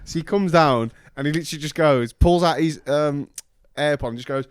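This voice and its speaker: A young man with a slightly high voice who tells stories bluntly, swears freely and keeps a deadpan tone. He speaks casually among friends. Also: fairly quick, smooth, no room sound, studio quality. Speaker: podcast co-host. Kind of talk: casual group chat.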